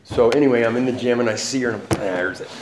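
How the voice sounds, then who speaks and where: A man's voice: medium pitch, fairly even intonation, very fast, reverberant, noisy background. A man giving a candid, profane personal testimony at a recovery meeting, laughing often.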